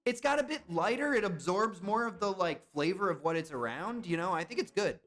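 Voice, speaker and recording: A young man chatting casually on a live stream, excitable and swearing when he guesses wrong. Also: high voice, a little fast, soft background music. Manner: excitable, swears and yelps at misses.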